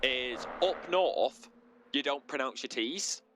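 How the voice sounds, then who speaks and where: A man's voice: medium pitch, takes it slowly, over music. A man with a Northern English accent doing casual sim racing co-commentary, chatty and joking. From Northern England. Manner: chatty, joking, lively banter.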